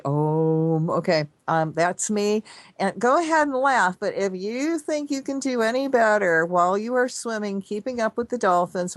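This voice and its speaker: Chatty woman hosting a spiritual radio show, excitable, pretty dry sound. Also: mid-range voice, no echo. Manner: chatty and effusive. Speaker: radio show host and energy healer. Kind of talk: casual talk radio chat.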